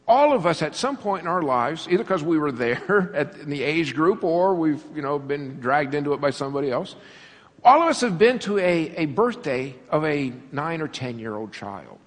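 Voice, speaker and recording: A man preaching in a church hall, his voice sitting high and swinging widely in pitch. He tells stories with lots of laughter and acts out the characters. The sound carries a long, lingering reverb from the big room. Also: normal speed. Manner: animated, laughing storyteller acting out scenes. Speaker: pastor. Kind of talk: sermon.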